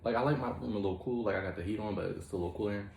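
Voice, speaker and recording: Low-voiced man ranting in a roomy echo. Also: rapid-fire, vocal fry, a little mellow, a little hiss or hum. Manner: profane and emphatic, peppered with "child" and "okay". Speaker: host. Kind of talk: comedic mock courtroom commentary.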